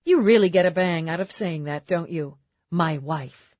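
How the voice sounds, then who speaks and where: A woman's voice: lowish voice, normal speed, dry recording, highs cut off, close to an everyday voice. A woman narrator voicing a tough, blunt police lieutenant who speaks brusquely and commandingly. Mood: grumbling. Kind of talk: audiobook narration.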